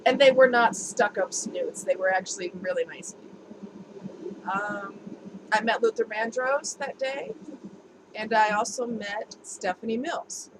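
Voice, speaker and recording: A woman's voice: mid-range voice, unhurried. Chatty woman vlogger, noisy recording. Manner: chatty, candid, laughs easily. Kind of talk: casual talk to camera. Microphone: camera mic. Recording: home video with noticeable background noise.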